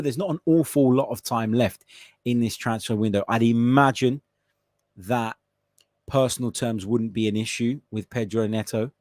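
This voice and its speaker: A man's voice: fairly low pitch, darkish tone, dry recording, clean studio sound. A young man hosting a football podcast, talking alone in an earnest, argumentative way and asking rhetorical questions. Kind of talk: solo opinion talk.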